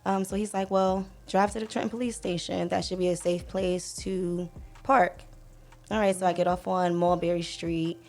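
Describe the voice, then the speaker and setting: A young woman telling a personal story on a podcast in a casual way, acting out the people in it with lively quoted lines. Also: lowish voice, moderate pace, faint music behind. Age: young adult. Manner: animated retelling, acts out voices, fillers. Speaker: podcast guest.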